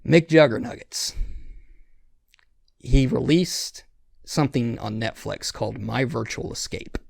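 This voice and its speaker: A podcast host with a slow, gravelly, medium-pitched voice tells a rambling, profane story in a casual, chatty way. He keeps restarting his sentences and slips into the voices of the people he's quoting. The recording is studio quality with no echo.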